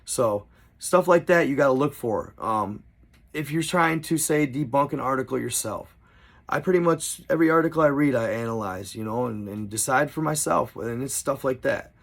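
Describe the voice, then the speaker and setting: Gravelly-voiced man reading and commenting. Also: mid-range voice, moderate pace. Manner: conversational, stops to explain and comment on the text. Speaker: storyteller. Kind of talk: reading a diary aloud with casual commentary.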